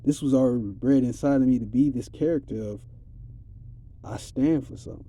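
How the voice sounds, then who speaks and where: A man's voice: medium pitch, a little fast, dark tone. A man giving a rambling, streetwise spiritual monologue in a casual, preachy way. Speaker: vlogger.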